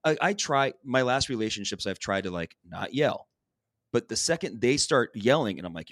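A man's voice: mid-range voice, animated, brisk, no room sound, clean studio sound. A man co-hosting a podcast, talking in a rambling, candid way and swearing casually. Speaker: podcast co-host. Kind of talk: casual chat.

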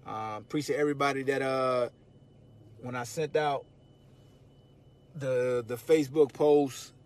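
A man hosting his own sports podcast in a loud, animated, slangy monologue, swearing freely and shouting for emphasis. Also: mid-range voice, a little slow. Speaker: podcast host. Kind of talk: casual sports talk monologue.

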